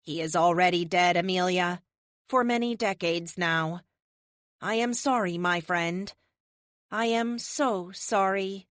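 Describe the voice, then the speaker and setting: A woman voicing a calm artificial intelligence built into power armor, speaking formally and evenly. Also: lowish voice, slow pace, dry recording, clean studio sound. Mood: sorrowful.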